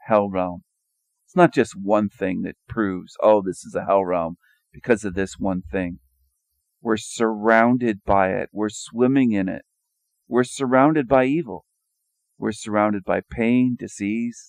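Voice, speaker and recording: A man's voice: on the low side, creaky, a little mellow, no echo. A man giving a sarcastic, mocking monologue over images, firing rhetorical questions and repeating his phrases. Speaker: video commentator.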